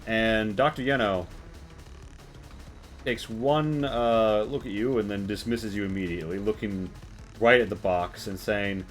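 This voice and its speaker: A man narrating a tabletop role-playing game as game master, relaxed with many fillers. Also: fairly low pitch, unhurried, soft background music.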